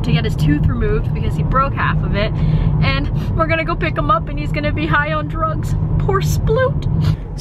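A woman's voice: high voice, very noisy. A young woman vlogging casually, bubbly and chatty, cooing in baby talk at her dog. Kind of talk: casual vlog chat.

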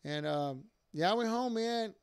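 A young man tells his church testimony in a casual, rambling way, full of fillers and asides. His voice sits high and sounds smooth and clear. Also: animated, measured pace. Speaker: church member giving testimony.

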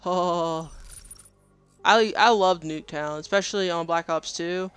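A young adult woman streams gameplay with live commentary, frustrated, swearing and shouting at opponents as she plays. Her voice is fairly low, unhurried and smooth, with no room sound and soft background music.

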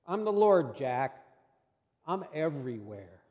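Man playing a calm patient God, gently firm, slow, echoey sanctuary. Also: fairly high pitch, highs cut off.

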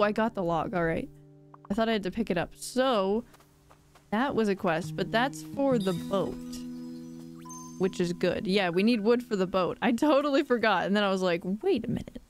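A woman streamer giving casual, giggly, exclaiming commentary while playing a game. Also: mid-range voice.

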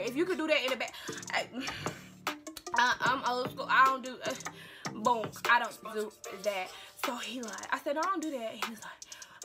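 Speaking at a moderate pace in a slightly high voice, a young woman recounts a story for her vlog with animated drama, saying lines again for emphasis. Loud music runs underneath throughout.

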